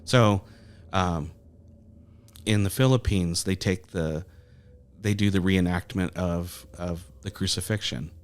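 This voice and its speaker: A man's voice: low voice, takes it slowly. A man co-hosting a film review podcast, explaining things at length in casual chat, full of fillers and restarts. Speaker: podcast co-host.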